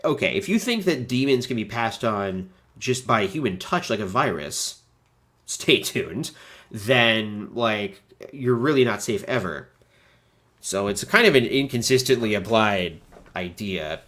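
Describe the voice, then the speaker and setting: A man in his thirties from the United States with a stuffy nose, hosting a chatty, animated livestream. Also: fairly low pitch, a little slow. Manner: chatty and animated, many fillers. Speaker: host. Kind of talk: casual livestream chat.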